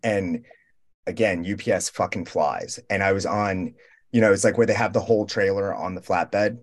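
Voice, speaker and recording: A man's voice: low voice, normal speed. Profane rambling storyteller, young man. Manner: rambling, profane, animated storytelling with quoted dialogue. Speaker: roundtable guest. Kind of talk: casual storytelling.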